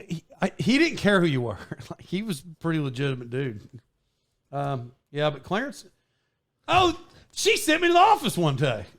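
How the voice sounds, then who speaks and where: A man hosting a podcast, telling a story in a casual, animated way with frequent laughs and restarts. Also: on the high side, moderate pace. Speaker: podcast host.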